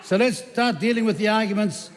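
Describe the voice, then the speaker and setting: A New Zealand government minister delivers a combative, sarcastic debate speech in a large parliamentary chamber. His voice sits high and moves fairly quickly, and the room sounds echoey.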